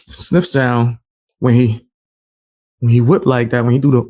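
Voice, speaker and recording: Dude reacting to a clip, joking around, sarcastic, laughing between lines, normal mid voice. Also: male voice, medium pitch, fairly even intonation, moderate pace, a little mellow. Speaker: reaction video host. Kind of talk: casual commentary.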